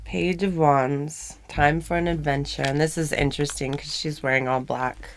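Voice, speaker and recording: A woman's voice: deep voice, steady tone, normal speed, background noise. A woman doing a live comedy tarot reading in character as a demon, teasing and playful as she improvises. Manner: playful, teasing, giggly, slides into mock-villain boasts.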